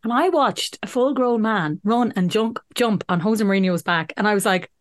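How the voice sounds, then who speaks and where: A woman with an Irish accent hosting a podcast, chatty and quick to laugh. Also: medium pitch. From Ireland. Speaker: podcast host. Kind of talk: casual podcast interview.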